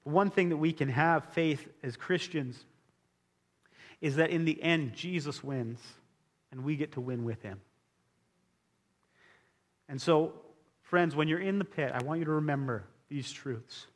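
A man's voice: on the high side, measured pace, pauses often. A man preaching a sermon as pastor, earnest and emphatic, repeating key phrases for weight. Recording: long hall reverb.

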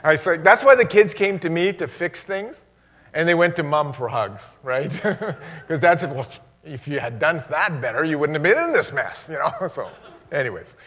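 A middle-aged man, a guest preacher, giving a sermon with jokes and laughter that turns earnest and quiet. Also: on the high side, expressive, normal speed.

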